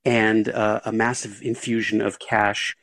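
A man's voice: lowish voice, flat delivery, measured pace, a bit bright, dry recording. A man speaking as a political analyst in a news interview, thoughtful and hesitant. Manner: thoughtful, hesitant with fillers and restarts.

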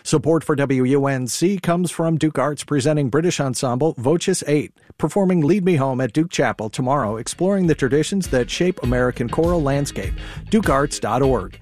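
A man reading scripted sponsorship credits in a smooth, measured way. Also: a little high, a little mellow, dry recording, faint music behind. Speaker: sponsorship announcer. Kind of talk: scripted underwriting reads.

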